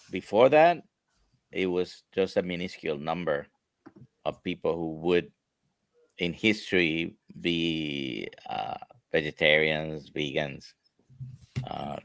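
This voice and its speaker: Slow, gravelly-voiced man with a Spanish accent. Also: low voice, animated, fairly bright tone, no echo. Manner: slow, halting, with many fillers. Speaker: guest doctor. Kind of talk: live Q&A chat.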